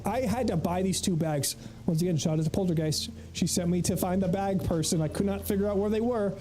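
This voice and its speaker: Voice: mid-range voice, brisk, warm tone, faint music behind, rough recording. A game streamer chatting casually with viewers while playing, rambling, laughing often and swearing freely. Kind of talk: casual livestream chatter reading chat while gaming.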